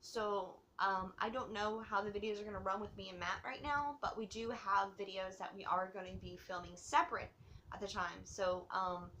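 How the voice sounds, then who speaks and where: A woman's voice: medium pitch, steady tone, normal speed, pushed and bright, a little hiss or hum. A woman hosting her own movie review vlog, rambling and gushing with giggles, a bit tipsy from drinking. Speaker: host of a movie review channel.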